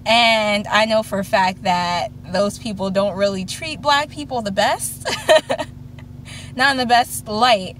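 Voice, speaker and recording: In an unhurried delivery with few pauses, a woman in her 20s tells a long story from a parked car for her vlog, playfully acting out the quoted voices. Her voice is medium-pitched and a bit bright, over a slight hiss or hum.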